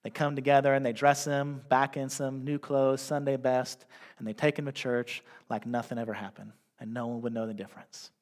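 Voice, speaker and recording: A man preaching a sermon, reading scripture slowly and telling a story in a hushed voice. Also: medium pitch, little pitch movement. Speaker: pastor.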